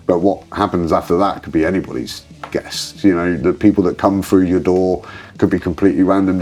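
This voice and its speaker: Deep-voiced man, swearing storyteller. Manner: animated, swears freely, rambling. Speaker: guest, drinks brand ambassador. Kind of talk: casual storytelling interview.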